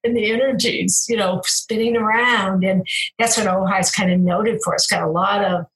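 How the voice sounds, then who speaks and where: A woman's voice: mid-range voice, steady tone, normal speed, a bit bright, low-quality recording. A woman who worked as a hospital chaplain, telling a story in casual conversation in an earnest, spiritual and meandering way, often restarting her sentences. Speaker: former hospital chaplain, guest.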